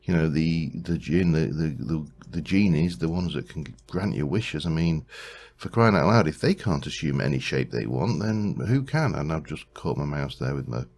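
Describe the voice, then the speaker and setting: A man's voice: very deep voice, lively intonation, normal speed, a little mellow. A man hosting a let's play, musing aloud in casual gameplay commentary, rambling with frequent restarts.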